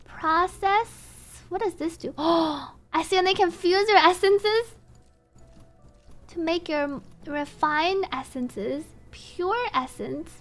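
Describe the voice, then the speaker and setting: A woman streamer giving casual gameplay commentary, thinking aloud and breaking into excited, giggly reactions. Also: very high-pitched, slow, faint music behind.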